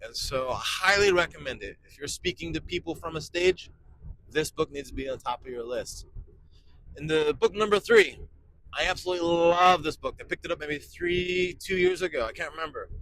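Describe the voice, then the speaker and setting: A man's voice: a little high, expressive, normal speed, a bit bright, a little hiss or hum, rough recording. Emphatic fortyish male pastor. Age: 40s. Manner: enthusiastic, emphatic, repeats key phrases. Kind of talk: casual podcast talk.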